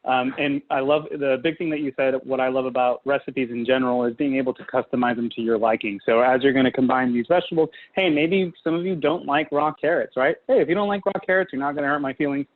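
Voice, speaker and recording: A man's voice: medium pitch, fairly even intonation, fast talker, few pauses. A man from California, a guest chef talking casually and enthusiastically, with many fillers, over a video call. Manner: chatty, filler-heavy, enthusiastic. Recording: tinny video-call audio, faint hiss.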